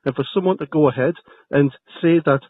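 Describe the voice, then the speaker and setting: A high-voiced, fast-talking man complains hotly down a tinny phone line. He sounds indignant and husky and keeps repeating himself. The line is dry and narrow. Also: dry recording. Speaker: tenant complaining on a phone call.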